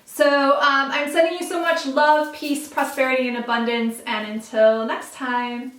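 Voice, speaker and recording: A woman's voice: sits high, level tone, unhurried, fairly bright tone, recorded from a distance, slight background noise. A woman giving a casual tarot reading to her viewers, earnest and emphatic, speaking straight to them. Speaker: tarot reader. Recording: roomy echo, a bit off-mic.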